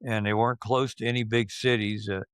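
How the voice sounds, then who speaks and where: Unhurried older man in his seventies, smooth voice. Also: fairly low pitch, little pitch movement, no room sound. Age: 70s. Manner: halting, with many fillers and restarts. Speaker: interviewee recalling his youth. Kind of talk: casual reminiscing.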